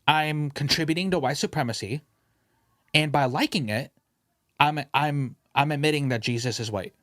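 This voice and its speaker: Animated young man ranting on a podcast. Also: fairly high pitch, dry recording, studio quality. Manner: animated storytelling, frequent profanity and slang, mimics voices. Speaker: podcast co-host. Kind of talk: casual podcast rant.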